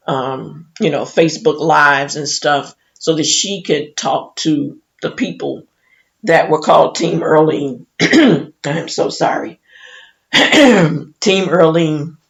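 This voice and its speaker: A woman's voice: sits low, highs cut off. A middle-aged woman from Chicago giving a heartfelt, emotional Mother's Day tribute on the radio, with folksy asides and scripture. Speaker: radio guest speaker.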